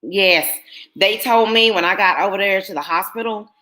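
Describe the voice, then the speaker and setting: Earnest bright-voiced woman vlogger. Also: mid-range voice, normal speed. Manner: earnest, emotional, talks to viewers as y'all. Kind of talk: casual personal storytelling.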